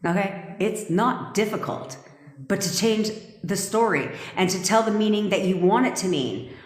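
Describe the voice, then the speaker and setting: A woman's voice: mid-range voice, expressive, normal speed. Blunt, swearing woman coach in echoey room. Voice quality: blunt, profane, emphatic. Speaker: manifestation coach. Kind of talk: live-stream coaching talk. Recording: echoey room with long reverb.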